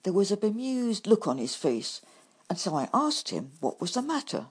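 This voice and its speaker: A woman narrating a bedtime story in the first person, in a measured, expressive reading voice. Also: medium pitch, slightly rough.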